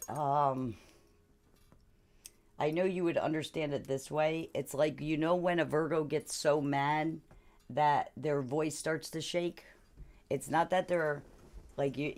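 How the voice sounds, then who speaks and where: Low-voiced woman leading a sound-healing stream. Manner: gentle guiding instructions, loose chatty explanations. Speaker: sound therapist. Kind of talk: live sound-healing session. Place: home streaming setup. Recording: loud hum of singing bowls and tones.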